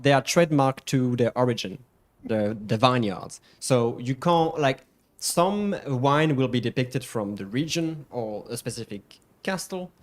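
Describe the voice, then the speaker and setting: A man from France speaks English with a French accent in a relaxed stream chat. He leans hard on French words, stretching and repeating them like a playful teacher. His pitch sits mid-range. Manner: playful, drawn-out emphatic pronunciations. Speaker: co-host. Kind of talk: casual stream chat and pronunciation lesson.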